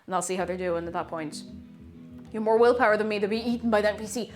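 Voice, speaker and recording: A woman's voice: mid-range voice, fast, faint music behind. A woman chatting casually with her stream chat while baking in her home kitchen, reading messages aloud. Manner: chatty, reads chat aloud, bursts of excited whoops.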